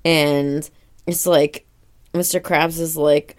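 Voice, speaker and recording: A woman's voice: deep voice, normal speed. A woman co-hosting a podcast, casually retelling a cartoon episode in rambling, profane chat. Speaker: podcast co-host.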